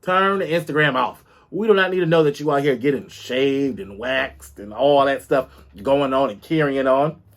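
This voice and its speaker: A man hosting a casual gossip podcast in a sassy, animated way, calling his listeners girl and baby. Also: mid-range voice, moderate pace. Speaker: podcast host.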